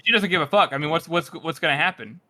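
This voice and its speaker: A man's voice: on the high side, fast talker. A man co-hosting a book podcast, rambling animatedly with many restarts. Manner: animated, rambling, trails off mid-thought. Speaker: podcast co-host. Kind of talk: casual book discussion.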